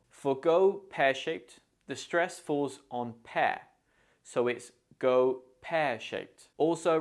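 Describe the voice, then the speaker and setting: A man with a British accent presenting a scripted English idiom lesson, explaining each phrase clearly and modelling its pronunciation. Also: mid-range voice. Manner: clear, deliberate, pronunciation-focused teaching. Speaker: English teacher.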